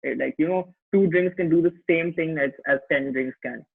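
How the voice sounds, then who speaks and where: A man's voice: on the high side, moderate pace, vocal fry, husky, no echo. Young man on a tinny phone line. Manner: candid and reflective, full of "like" and "you know". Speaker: podcast guest. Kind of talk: candid casual chat. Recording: tinny phone-like dry sound.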